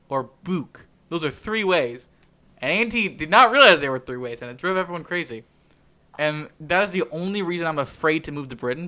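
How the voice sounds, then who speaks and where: A young man co-hosts a podcast in casual chat, rambling and laughing often. His voice is a little high, bright and forceful.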